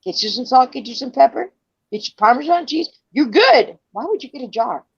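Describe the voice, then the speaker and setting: Brief: older woman from New Jersey hosting a casual stream, blunt, salty, a bit high-pitched, dry lo-fi sound. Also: animated, a little fast, creaky, slightly rough, dry recording. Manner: blunt, swears freely, tells stories with quoted voices. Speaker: livestream host. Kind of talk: casual chat.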